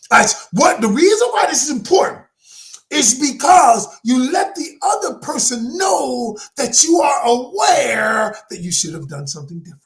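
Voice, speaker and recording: Emphatic man coaching with lively pitch. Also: normal speed, creaky. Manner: emphatic, preacher-like delivery, often raising voice. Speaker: communication coach. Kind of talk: motivational teaching talk.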